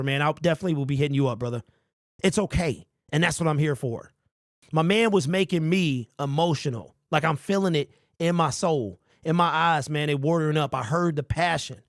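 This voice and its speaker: A man hosting a sports fan call-in show, talking in an energetic, slangy way. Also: on the high side, fairly quick, dry recording, clean studio sound. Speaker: postgame show host.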